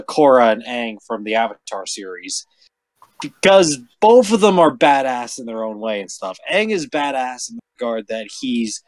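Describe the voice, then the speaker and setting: A man talking loosely in a casual group podcast, piling up fillers and curse words as he goes. His voice sits in an ordinary middle range. The sound is dry and close, with no room echo. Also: mid-range voice. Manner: rambling, swears a lot, lots of "like". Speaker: podcast host. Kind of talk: casual chat.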